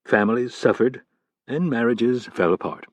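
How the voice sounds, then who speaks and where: A man reading a spy thriller audiobook in a steady, even scripted narration. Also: medium pitch, moderate pace, dry recording.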